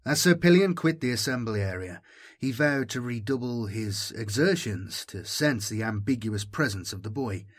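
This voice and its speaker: A man narrating a science-fiction audiobook in a steady, even storytelling manner. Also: fairly low pitch, normal speed.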